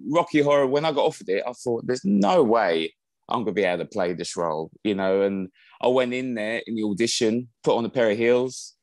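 A musical theatre actor chats casually as an interview guest, rambling with lots of fillers and restarts. His medium-pitched voice is brisk and darkish, recorded with no echo.

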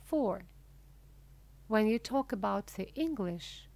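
A woman reading a humorous story aloud as scripted narration, slowly and clearly. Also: medium pitch, lively intonation, darkish tone. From Russia. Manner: slow, clear, deliberate reading. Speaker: audiobook reader. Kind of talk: scripted narration of a graded reader.

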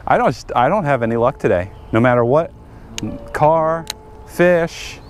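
A man's voice: a little high, unhurried, slight background noise. A man talking casually to viewers while working on his car and fishing at a lake, chatty and easily frustrated. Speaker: fishing vlogger. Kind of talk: casual vlog narration. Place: outdoors by a lake.

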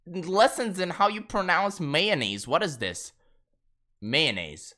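A man's voice: high voice, animated, takes it slowly, sharp tone. A man streaming a game, chatting casually and ranting with frequent swearing. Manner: profane, exasperated ranting with laughter. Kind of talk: casual gaming stream chat.

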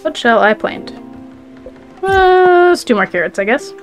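A woman's voice: high voice, sing-song, measured pace. Chatty woman playing a video game. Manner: chatty, giggly, talks to the game characters. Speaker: gaming video host. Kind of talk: casual let's-play commentary. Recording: faint game music behind.

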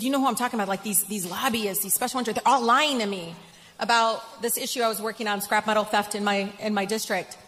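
A congresswoman giving a conference speech, telling a story in an animated way. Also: medium pitch. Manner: storytelling, animated, quoting others. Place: large conference hall. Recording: echoey hall.

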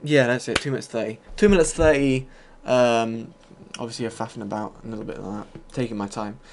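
A man's voice: on the low side, fairly even intonation, brisk. A man giving loose, rambling commentary over his own gameplay, full of fillers and the odd casual swear. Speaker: gaming video host.

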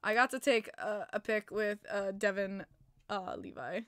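A young woman with a New York accent, chatting casually with her live-stream audience as host, excitable and profane, laughing often. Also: medium pitch, measured pace, no echo, clean studio sound.

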